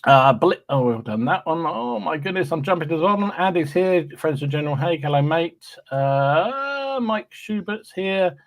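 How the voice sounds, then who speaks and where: Man, podcast host, casual chat, cheerful, halting. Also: a little high, lively intonation. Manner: chatty, cheerful, with frequent ums and restarts. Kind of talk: casual chat, reading out live chat greetings.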